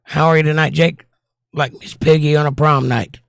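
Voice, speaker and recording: A hoarse, squeaky-voiced man hosting a casual livestream and reading chat messages aloud in a wry, blunt way. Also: steady tone, moderate pace, no room sound, studio quality. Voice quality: squeaky, croaky. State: hoarse, losing his voice.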